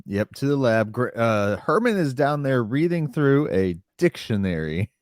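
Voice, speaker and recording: A male podcast co-host recapping a TV episode in casual chat, animated and given to mimicking characters. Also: unhurried, dry recording, studio quality. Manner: animated, acts out characters' lines in silly high voices.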